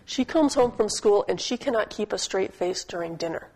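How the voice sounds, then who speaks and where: A woman's voice: mid-range voice, expressive, moderate pace, darkish tone, breathy edge, low-quality recording. A woman preaching a sermon in a chatty, humorous storytelling way, often asking her listeners questions. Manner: asks the audience questions.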